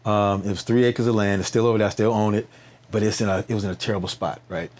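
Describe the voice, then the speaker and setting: A man speaks quickly and in a lowish register. He is a podcast guest in casual conversation, telling an animated story with restarts and tag questions. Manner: animated storyteller, frequent restarts and "right?" tags. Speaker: guest, nonprofit founder.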